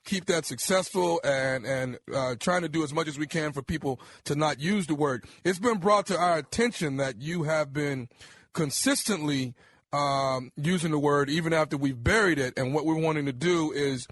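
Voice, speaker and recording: A man playing a self-righteous male campaign official on a prank phone call, polite at first and then shouting threats. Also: on the high side, normal speed, pitched below the performer's own voice. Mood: stiffly polite. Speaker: prank caller.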